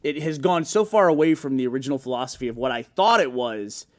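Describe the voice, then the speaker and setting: A man's voice: mid-range voice, lively intonation. A man hosting a gaming podcast, rambling and joking in casual chat. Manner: fast, rambling, jokey asides. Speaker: podcast host.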